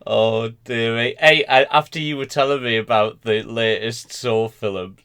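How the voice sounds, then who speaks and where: A man's voice: medium pitch, steady tone, unhurried, fairly bright tone, clean tone. A man co-hosting a chat podcast, joking, self-mocking and laughing often. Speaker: podcast co-host. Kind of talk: casual chat.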